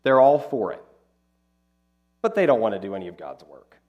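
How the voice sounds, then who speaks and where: A man preaching a conversational, animated Bible-teaching sermon as pastor. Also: lowish voice, normal speed, highs cut off.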